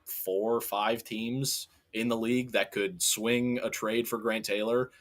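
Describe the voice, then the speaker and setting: A man's voice: fairly low pitch, a little slow. Easygoing young man chatting baseball. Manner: relaxed, laughs easily, reads chat comments. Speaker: podcast co-host. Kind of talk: casual sports chat.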